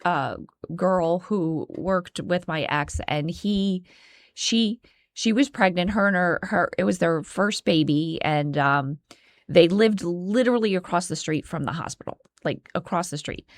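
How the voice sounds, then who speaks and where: A woman co-hosting a casual chat podcast, speaking in an earnest, halting way with restarts and fillers. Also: on the low side, no room sound, studio quality. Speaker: podcast co-host.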